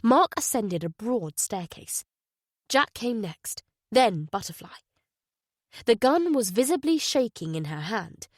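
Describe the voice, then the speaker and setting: A woman narrating a mystery thriller audiobook at a measured pace. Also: fairly high pitch, very animated, no room sound, clean studio sound. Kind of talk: scripted narration.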